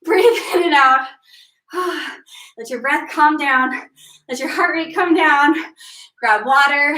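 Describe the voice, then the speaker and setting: A young woman leading a live workout class, telling a legend in a playful, energetic way while cueing moves. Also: high-pitched, takes it slowly, long pauses, distant mic. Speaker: fitness instructor. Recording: echoey room, voice off-mic.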